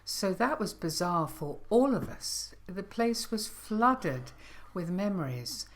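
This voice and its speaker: An older woman co-hosting a podcast, reflecting thoughtfully in a soft-spoken, conversational way. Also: medium pitch, big pitch swings, slow pace. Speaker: podcast co-host. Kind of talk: reflective casual chat.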